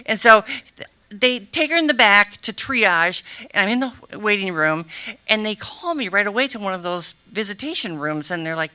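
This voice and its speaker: A middle-aged woman telling a comic true story live on stage, animated and self-mocking, acting out gasps and the people around her. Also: mid-range voice, fairly quick, smooth.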